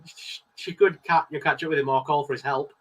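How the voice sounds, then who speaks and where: A man co-hosting a casual live stream, talking excitedly and laughing often. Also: fairly high pitch, fairly quick, husky. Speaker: co-host.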